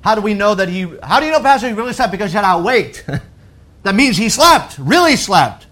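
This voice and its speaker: A male pastor preaching a sermon, slowing down to quote scripture and swinging between loud emphatic peaks and quiet, low passages. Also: very animated. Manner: emphatic preaching that rises to shouts and drops to soft lows; quotes scripture in a slow, deliberate voice.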